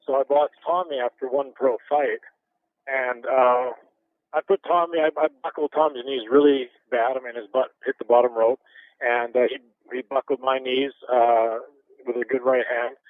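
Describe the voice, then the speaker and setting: A man's voice: mid-range voice, moderate pace, no room sound. A man in his fifties from Canada, animatedly telling stories in a casual interview and chuckling now and then. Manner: animated storyteller, chuckles often. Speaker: interview guest, former boxer. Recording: tinny phone-line sound.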